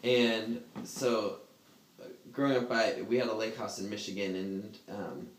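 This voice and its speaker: A man's voice: fairly low pitch, fairly even intonation, measured pace, a little hiss or hum. A man telling a rambling anecdote in casual chat, full of fillers and laughter. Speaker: storyteller in a group chat. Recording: roomy echo.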